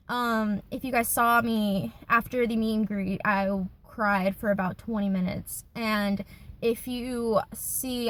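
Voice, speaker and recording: A woman's voice: fairly high pitch, a bit bright. A woman in her twenties, chatting casually in a Q&A vlog from her car, with lots of fillers and giggles. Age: 20s. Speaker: YouTuber.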